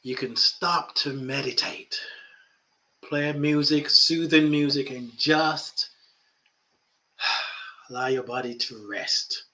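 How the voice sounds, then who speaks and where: A man's voice: mid-range voice, slow, pauses often, bright, forceful tone. A man hosting a spiritual coaching podcast, emphatic and repeating key phrases, with playful asides. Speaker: life coach and podcast host.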